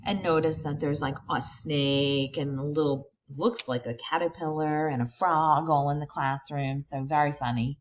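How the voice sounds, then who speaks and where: A woman reading a children's picture book aloud, expressive and stopping to point out the pictures. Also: low voice, dull audio. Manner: expressive reader who pauses to explain the pictures. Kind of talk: read-aloud storytime.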